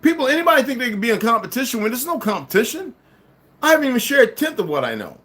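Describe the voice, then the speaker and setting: A man speaking live to his viewers in a combative monologue, dropping to low mutters and rising to loud, emphatic outbursts, with occasional laughs and repeated words. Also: very animated, racing. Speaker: livestream commentator.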